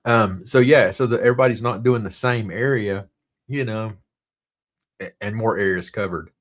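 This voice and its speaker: A livestream host with a Southern drawl speaks at normal speed in a fairly low voice. He rambles casually and reads viewer comments aloud.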